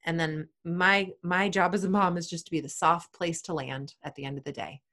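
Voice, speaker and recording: A woman in her thirties giving animated interview answers and acting out what parents say to their kids. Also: moderate pace. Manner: animated, acts out parents' voices in higher tones. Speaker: guest, sports psychology expert.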